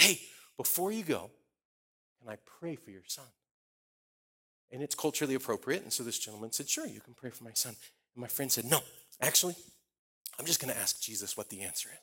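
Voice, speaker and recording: A man's voice: medium pitch, husky. A missionary man telling a story from a church stage, acting out the other people's lines as he goes. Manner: animated storyteller acting out dialogue. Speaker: visiting missionary speaker. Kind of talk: sermon storytelling.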